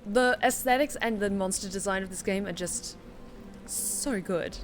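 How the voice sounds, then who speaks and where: A woman's voice: medium pitch, a little slow. A woman streaming a video game, chatting casually, enthusiastic and profane. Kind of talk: casual live-stream commentary. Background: faint game music.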